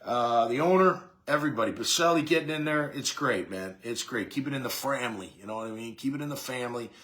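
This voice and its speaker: A man's voice: mid-range voice, quick pace, fairly bright tone. A man hosting a sports talk show, giving a casual, rambling monologue full of fillers and restarts. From Jacksonville area.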